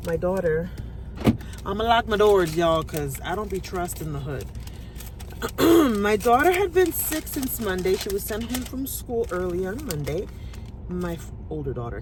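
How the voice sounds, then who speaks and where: A middle-aged woman talking candidly in a chatty personal video diary, sometimes dropping into soft asides. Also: mid-range voice, background noise. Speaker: vlogger. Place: sitting in a parked car.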